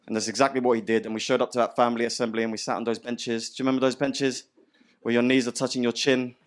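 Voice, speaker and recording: A man's voice: mid-range voice, level tone, fast talker. A young man performing stand-up in a comedy club, slangy conversational storytelling on a handheld mic. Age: young adult. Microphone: handheld stage microphone. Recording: live club audio with audience noise.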